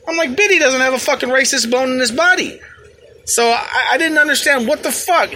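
A man's voice: a little high, pushed and bright. A man hosting a podcast, ranting in a crude, rambling, heavily profane comic style. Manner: crude, rambling, heavy swearing. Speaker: podcast host. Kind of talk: casual profane comic rant.

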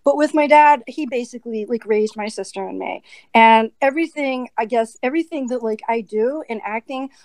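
An actress in a casual podcast interview, talking in an animated, chatty way with lots of "like.". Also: female voice, a little high, normal speed, no echo, rough recording.

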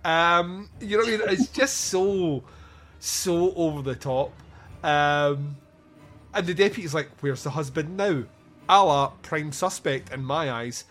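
A man's voice: on the high side, unhurried, a bit bright. A man hosting a podcast, reviewing a film in casual comic chat, laughing often and swearing as he acts out scenes.

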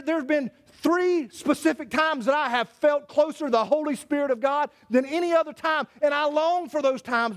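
A man preaching a sermon as pastor, impassioned, repeating and restarting phrases as he drives his points home. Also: extremely high pitch.

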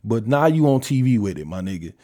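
This podcast host, an adult father, delivers a solo opinion monologue on his own, very animated and fairly quick. His mid-range, dark-toned voice carries a blunt, heavily profane rant full of rhetorical questions.

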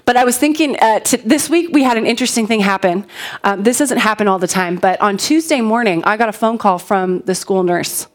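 A woman in her thirties giving a conversational sermon full of personal stories, animated and chatty, asking the congregation questions. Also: medium pitch, a little fast. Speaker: pastor.

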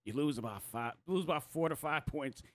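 A man co-hosting a casual podcast, rambling along with plenty of fillers. His pitch swings up and down a lot. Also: expressive, fairly quick, dry recording. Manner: rambling, filler-heavy, lots of "like". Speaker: podcast co-host. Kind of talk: casual chat.

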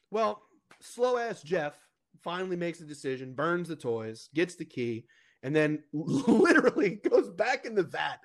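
A man's voice: fairly high pitch, very animated, measured pace. A young man co-hosting a casual podcast, rambling with restarts and laughing often. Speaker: podcast co-host. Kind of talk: casual chat.

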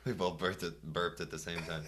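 A man's voice: low-pitched, little pitch movement, a little fast, background noise. A man co-hosting a podcast, chiming in with jokes and laughter in casual chat. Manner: laughing, joking interjections. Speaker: podcast co-host.

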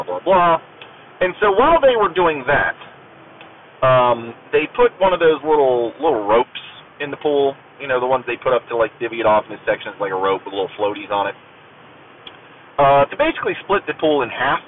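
A man casually telling a long personal story in a rambling, profane, self-deprecating way, with lots of fillers. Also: medium pitch. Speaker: storyteller recounting Navy boot camp. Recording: tinny phone-like audio with faint noise.

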